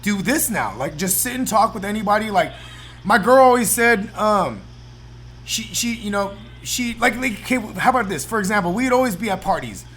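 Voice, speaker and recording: Rambling Bay podcast host. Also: male voice, high voice, lively intonation, normal speed, pushed and bright, slight background noise. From San Francisco Bay Area. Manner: rambling, constant "you know what I mean", swears freely. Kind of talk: casual chat.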